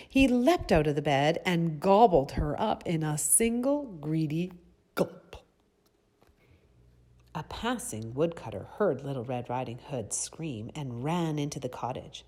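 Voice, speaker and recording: A woman reads a storybook aloud to children, slow and gentle. Her voice is low and mellow with a husky edge. She lets the melody rise and fall widely and stops to ask her young listeners questions.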